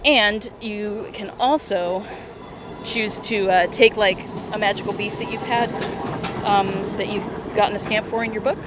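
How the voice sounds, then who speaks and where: Soft music plays behind this American streamer, who chats while playing a mobile game live on a phone, strolling outdoors through the city. The voice is mid-range, steady, and a little slow, though still chatty, with frequent giggles and plenty of fillers.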